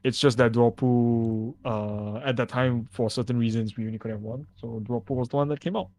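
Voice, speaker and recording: A man's voice: medium pitch, fairly even intonation, brisk, a little mellow. A man talking as a guest in a casual podcast chat, rambling with lots of restarts and filler. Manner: rambling, with many restarts and laughs. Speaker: guest, VTuber agency manager.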